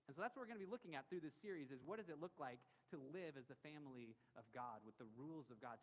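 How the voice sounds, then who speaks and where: Man preaching, quick delivery, slightly high voice, long hall reverb, conversational and joking. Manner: conversational, jokey, asks the congregation questions. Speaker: pastor. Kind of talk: sermon. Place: church sanctuary.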